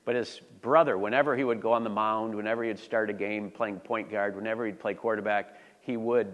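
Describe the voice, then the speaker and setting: A man's voice: lowish voice, fairly even intonation, fairly quick, hardly any pauses, a bit bright. Conversational male preacher in a reverberant church. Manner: conversational preaching with rhetorical questions. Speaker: pastor. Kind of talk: sermon. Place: church sanctuary. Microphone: handheld or stand mic. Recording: long reverb of a church hall.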